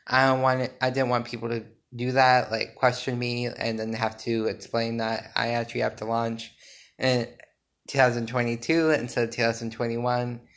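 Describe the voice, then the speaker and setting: A man's voice: medium pitch, level tone, normal speed, a bit bright. Sleepy man giving a rambling update. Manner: rambling, filler-heavy, self-correcting. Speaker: podcast host and small business owner. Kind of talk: casual solo podcast update.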